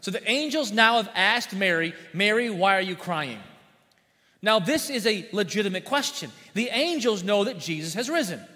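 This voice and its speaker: A man preaching a sermon as pastor, repeating phrases in a steady cadence, sometimes rising loud and sometimes dropping quiet. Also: normal speed. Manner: swings from loud emphatic lines to quiet low-voiced ones. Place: church sanctuary. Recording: reverberant church sanctuary.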